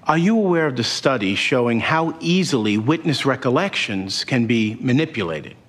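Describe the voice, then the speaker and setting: An actor playing a pressing defense lawyer. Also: male voice, mid-range voice, expressive, moderate pace, lightly acted. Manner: pressing, formal cross-examining. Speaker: defense attorney.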